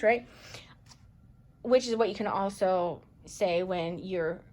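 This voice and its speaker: Slowly and playfully, a woman lays out a casual tarot reading for the viewers of her channel, addressing them as darling and baby. She's animated, breaking into bright bursts and then dropping into low mutters.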